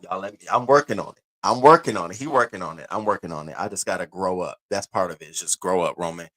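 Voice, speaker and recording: A man's voice: low voice, fast talker, a bit bright. A man in his thirties hosting a casual live stream, candid and profane, swinging between laughing and heavy moments. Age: 30s.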